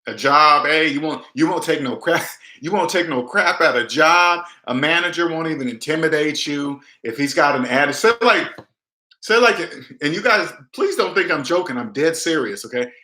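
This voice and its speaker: A man's voice: fairly high pitch, lively intonation, moderate pace, bright, forceful tone, echoey room. A man giving personal finance advice to his viewers in a casual livestream, emphatic and preachy, acting out what other people would say.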